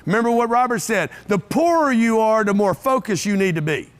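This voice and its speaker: Brash seminar speaker, man, high pitch, blunt and profane, talks to a live crowd. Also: expressive, a little fast. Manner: brash, blunt and profane, with repeated rhetorical questions. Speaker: motivational speaker. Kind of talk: live seminar talk to an audience. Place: event room with a live audience.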